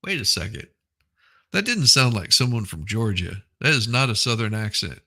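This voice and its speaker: Male commentary host, low-pitched and raspy, blunt, stammering restarts. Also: very animated, normal speed, pushed and bright. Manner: blunt, repeats words, laughs often. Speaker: host of a news commentary channel. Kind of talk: casual opinionated commentary.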